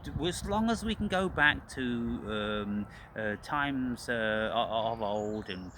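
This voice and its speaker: With background noise behind him, a man hosting his own channel takes it slowly in an animated, mid-range voice. He's furious and profane about spirituality, repeating points and calling out to "people."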